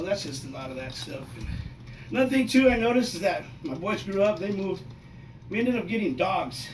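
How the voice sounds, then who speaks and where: A man in his fifties doing a stand-up comedy set, telling profane, loud, animated stories. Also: sits high. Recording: echoey room, mic heard from a distance, noisy.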